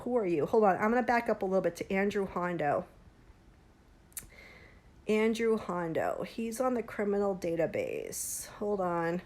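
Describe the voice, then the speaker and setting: Tipsy woman, 40s, livestream host, rambling and pleading, slightly high voice. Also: darkish tone. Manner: rambling, pleading, talks straight to viewers.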